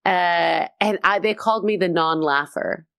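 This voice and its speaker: A woman comedian chatting as a podcast guest, telling animated stories and acting out quotes, swearing freely. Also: lowish voice, measured pace, vocal fry, smooth, no echo, clean studio sound. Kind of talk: casual podcast chat.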